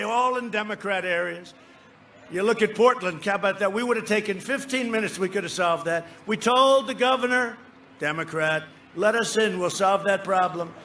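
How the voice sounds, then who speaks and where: A man's voice: sits high, bright, forceful tone, a little hiss or hum. A man giving a campaign rally speech, boastful and rambling, bantering with the crowd from the stage. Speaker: political speaker at a rally. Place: outdoor rally before a large crowd.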